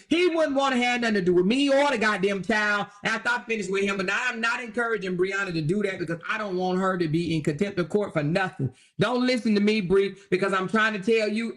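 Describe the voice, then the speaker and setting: A woman hosting a livestream, commenting in a profane, emphatic and animated way. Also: medium pitch. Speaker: host.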